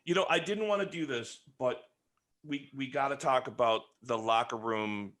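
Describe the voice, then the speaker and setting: A man hosting a podcast, reviewing a film in casual chat and telling it as an animated, joking story. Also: mid-range voice, moderate pace. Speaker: podcast host.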